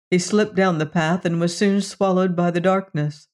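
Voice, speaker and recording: A narrator reading a science fiction story in a steady, unhurried storytelling manner. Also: medium pitch.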